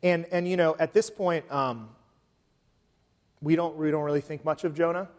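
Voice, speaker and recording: Man, pastor, casual sermon delivery, slightly high voice, long reverb of a church hall. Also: steady tone, normal speed, a little mellow. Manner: conversational, with frequent um fillers.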